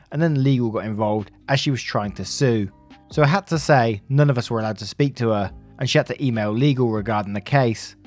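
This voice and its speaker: A man reading online stories aloud as a channel narrator, with chatty asides to viewers. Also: medium pitch. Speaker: story narrator.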